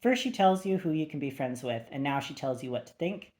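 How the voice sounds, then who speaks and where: A woman's voice: low-pitched, lively intonation, brisk, a little mellow. Woman doing a mocking accented crime boss. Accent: foreign. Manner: mocking, cold. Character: menacing male crime boss, thuggish, mocking.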